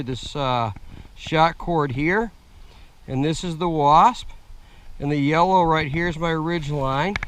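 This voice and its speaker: A man with a slightly rough voice, slowly explaining a camping gear setup step by step, outdoors on a camera mic. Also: fairly high pitch, fairly bright tone, slight background noise. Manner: slow, plain step-by-step explaining with fillers. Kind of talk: casual how-to demonstration. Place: outdoors in woods.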